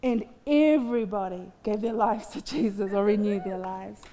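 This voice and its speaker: Slight background noise sits under a woman's warm, medium-pitched voice at a normal pace. She is a festival guest speaker in a large hall, offering a candid, heartfelt account sprinkled with self-mocking jokes, and the long hall reverb is clearly audible.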